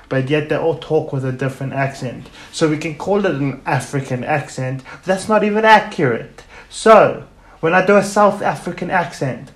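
A man hosting a podcast in a casual ranting monologue, emphatic and sarcastic, hitting words loudly and then dropping into muttered asides. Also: mid-range voice. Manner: emphatic, sarcastic, swings between loud stresses and muttered asides. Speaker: podcast host. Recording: roomy echo with faint background noise.

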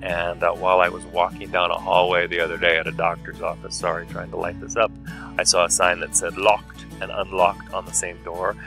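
A man's voice: low voice, level tone, fairly quick, gravelly, pushed and bright, faint music behind. A man teaching a writing lesson in a chatty, explaining way. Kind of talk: classroom video lesson.

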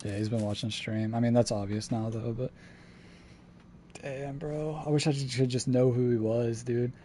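A man gives casual commentary while streaming a survival game, cursing now and then and moving between chill and exasperated moods. He speaks at a normal speed in a warm, medium-pitched voice with fairly even intonation, over slight background noise.

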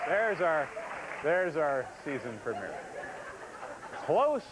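A man in his forties hosting a late-night talk show, delivering a comedy monologue with wry, deadpan banter in front of a live studio audience. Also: fairly high pitch, measured pace, a loud crowd. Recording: clear studio audience noise.

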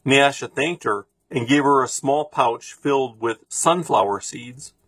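A man reading a children's storybook aloud in a steady, expressive way, close to the mic. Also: medium pitch, measured pace, husky, dry recording. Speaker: reader.

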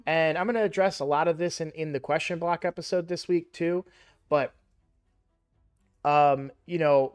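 A young man casually commenting on a mobile game he plays, rambling and correcting himself, louder and livelier when excited. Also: fairly high pitch, clear, resonant tone. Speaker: gaming YouTuber.

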